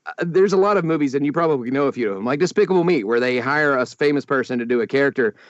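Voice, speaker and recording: Man, animated chat, laughs a lot, lively pitch, muffled sound. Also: rapid-fire, no room sound. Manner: animated, laughs often, ranting. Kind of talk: casual chat.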